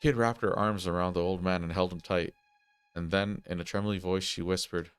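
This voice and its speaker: A man's voice: low voice, fairly even intonation, moderate pace, smooth, dry recording. A man reading a text adventure game aloud, breaking off for casual asides. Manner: casual asides between read passages. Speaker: gaming channel host.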